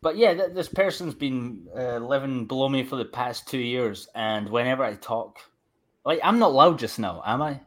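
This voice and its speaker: A Scottish man talking loosely as a guest on a podcast. He tells stories with a crude, joking edge, and his voice sits at an ordinary middle pitch. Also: lively intonation, moderate pace, fairly bright tone. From Scotland. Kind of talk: casual podcast banter.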